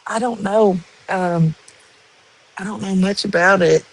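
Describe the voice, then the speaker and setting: Lady rambling slow on a live stream, lots of ums and likes. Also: on the low side, fairly even intonation, creaky, rough recording. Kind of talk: casual chat with live viewers.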